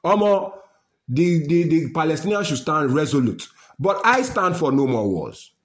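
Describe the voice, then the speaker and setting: A man with a Nigerian accent giving an impassioned monologue, mixing Pidgin and English, firing rhetorical questions and swinging between loud outbursts and low mutters. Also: very animated, normal speed.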